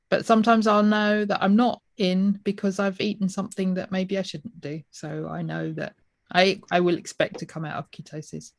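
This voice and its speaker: A middle-aged woman answers in a relaxed, matter-of-fact way. Her voice sits a little low. The recording is dry and close. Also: no room sound. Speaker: podcast co-host, guest. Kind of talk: casual interview chat.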